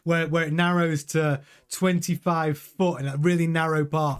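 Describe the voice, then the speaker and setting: A man hosting a live watch-along, commenting casually and excitably while answering viewers' chat. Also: fairly high pitch, normal speed, clear, resonant tone.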